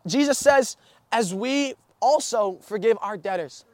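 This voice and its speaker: High-voiced young man preaching. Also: animated, unhurried, no echo. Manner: storytelling with frequent restarts and filler. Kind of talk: sermon.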